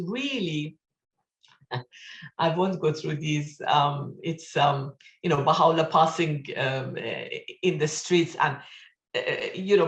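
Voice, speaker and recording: A woman speaks over a video call and tells stories with growing excitement. She acts out quoted lines and laughs as she goes. Her voice sits fairly low, and the room around her is echoey. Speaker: speaker at an online study session. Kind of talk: animated storytelling talk.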